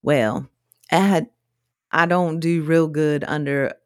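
Lady cohost chatting, lowish voice, super dry close sound. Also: slow pace, no echo. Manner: animated storyteller, drawling, quotes people in high voices. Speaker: podcast co-host. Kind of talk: casual chat.

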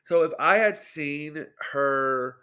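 A man's voice: a little high, takes it slowly, pushed and bright, clean tone. A young adult man co-hosting a podcast, chatting casually about films, hedging and second-guessing himself with many restarts. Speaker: podcast co-host. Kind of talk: casual film chat.

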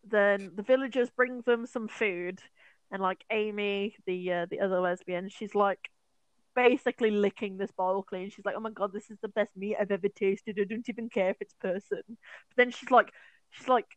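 A woman's voice: medium pitch, normal speed, no room sound, low-quality recording. A woman co-hosting a podcast, chatting casually as she recaps a horror film, swearing often and acting out the characters' lines. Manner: animated, profane, acts out the characters' lines. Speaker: podcast co-host.

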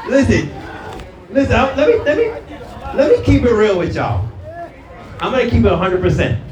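The middle-aged Brooklyn pastor's voice is very high and a little mellow, swinging hugely in pitch at a fairly quick pace. He tells stories in a loose, slangy sermon before a live church-hall congregation, stumbling on repeated words and calling out to them. The audio is roomy and distant, with the crowd audible.

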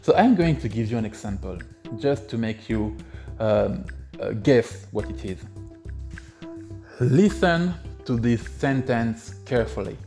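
Slow-talking man teaching his language. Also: medium pitch, lively intonation, dark tone, faint music behind. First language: French. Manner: explanatory, hesitant with frequent uh and um. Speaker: French teacher, podcast host. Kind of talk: podcast language lesson.

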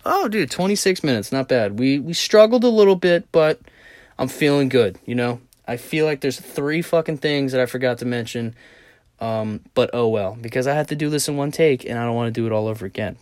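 A man's voice: mid-range voice, no room sound. Young male podcast host, casual rambling storyteller, swears a lot, dead-dry closet sound. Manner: rambling, profane, animated retelling. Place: small hot closet.

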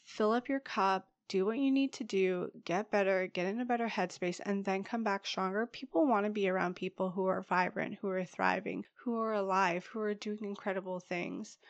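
A young woman hosting a solo podcast, talking candidly and chattily while she has a head cold that makes her a little husky and stuffy. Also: medium pitch, steady tone, normal speed, few pauses, no echo, dull audio. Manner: chatty and candid, often says "you guys" and "like". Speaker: podcast host.

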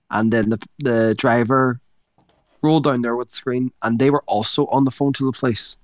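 A man's voice: medium pitch, steady tone, moderate pace, no echo. Man, casual podcast co-host, rambly and sweary, dry dull-sounding recording. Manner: rambling, sweary, laughs mid-sentence. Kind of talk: casual storytelling chat.

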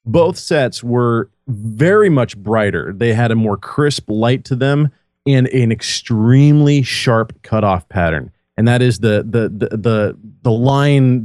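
Lower-voiced man explaining, measured. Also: darkish tone, dry recording, studio quality. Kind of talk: casual podcast chat.

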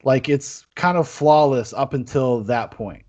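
A man's voice: medium pitch, a little slow, darkish tone. A man hosting a casual movie review podcast, rambling with lots of fillers and restarts. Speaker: podcast host. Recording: dull lo-fi podcast audio.

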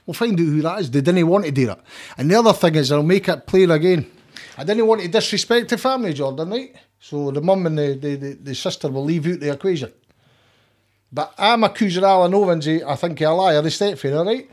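A man's voice: fairly high pitch, animated, a little fast, a little mellow. A middle-aged man with a Scottish accent, talking as a guest in a heated, emphatic, sweary way with many restarts. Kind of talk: casual interview chat.

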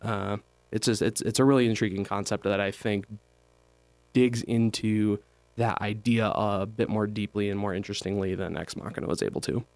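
A man's voice: lowish voice, steady tone, moderate pace, darkish tone, dry recording. A young man co-hosting a casual chat, explaining things at length with hesitations. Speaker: podcast co-host.

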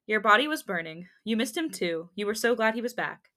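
A woman's voice: mid-range voice, animated, fairly quick, few pauses, sharp tone. A young woman co-hosting a podcast, reading fanfiction aloud with jokey asides and frequent laughter. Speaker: podcast co-host.

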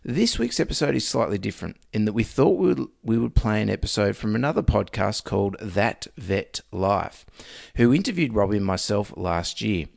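A man's voice: on the low side, lively intonation, normal speed, creaky, a little mellow, no echo. A man with an Australian accent, a veterinarian hosting his podcast, reading a scripted intro with a dry, joking tone.

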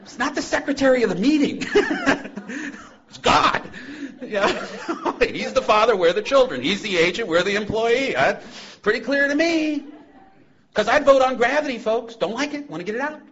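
A man speaking at a recovery convention, joking and animated, moving between loud bursts and hushed passages. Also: very high-pitched, moderate pace. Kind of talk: humorous personal talk to a live audience. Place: convention hall. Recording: dull lo-fi live talk recording.

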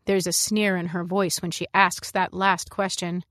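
A woman narrating a science fiction story in the first person, in a measured, reflective way. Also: lowish voice, little pitch movement, a bit bright, no room sound, studio quality. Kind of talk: scripted narration.

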